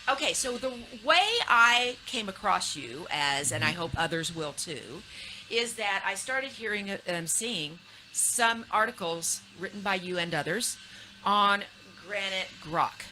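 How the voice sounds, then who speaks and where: A woman's voice: mid-range voice, slow pace, bright, forceful tone, rough recording. A woman from Texas hosting a casual radio interview, chatty and teasing, with many fillers and restarts. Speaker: radio talk show host. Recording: AM radio broadcast with faint noise.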